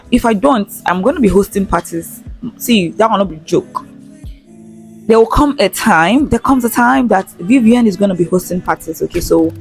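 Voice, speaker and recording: A woman's voice: medium pitch, a little mellow, breathy edge. Chatty Nigerian woman talking into her phone. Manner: chatty and frank, swears freely, laughs often, slips into pidgin. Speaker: vlogger. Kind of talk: casual chat to camera. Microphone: phone held in hand with small attached mic.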